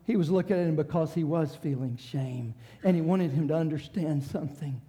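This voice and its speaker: A man preaching a sermon, swinging between shouted climaxes and hushed passages. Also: a little high, a little fast.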